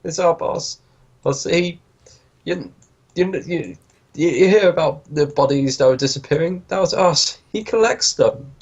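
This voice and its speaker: A man's voice: a little high, unhurried, husky, lo-fi sound, pitched above the performer's own voice. A man voicing a terrified male thug who stammers and begs for his life. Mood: panicked. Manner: panicked, pleading, stammering.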